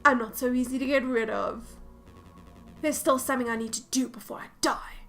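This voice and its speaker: Woman playing a gravelly, grim, rough man in a video game. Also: high voice, steady tone, fairly quick, fairly bright tone, faint music behind, voice pushed down. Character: rough, battered man hiding below deck.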